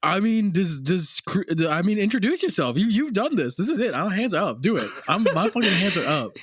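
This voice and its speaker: Lively, husky-voiced podcast host. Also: male voice, high voice, a little fast, no echo, clean studio sound. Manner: animated, swears a lot, teasing. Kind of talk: casual comedic chat.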